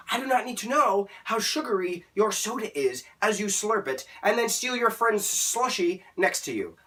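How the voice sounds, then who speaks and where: A man's voice: high-pitched, bright, forceful tone, distant mic. A young man telling an exasperated story as a movie reviewer in a ranting vlog.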